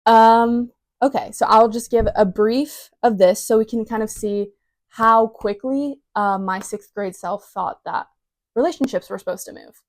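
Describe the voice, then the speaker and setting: A woman's voice: fairly high pitch, unhurried, no room sound. A young adult woman hosting a podcast, casually reading aloud and adding wry, teasing remarks with many fillers. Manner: wry, teasing self-mockery; filler-heavy, loose delivery. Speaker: podcast host.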